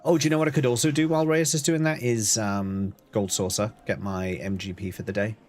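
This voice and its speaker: A man's voice: on the low side, steady tone, brisk, faint music behind. A man streaming a video game, chatting casually, reading out and answering chat with playful asides. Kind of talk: casual live-stream chat while gaming.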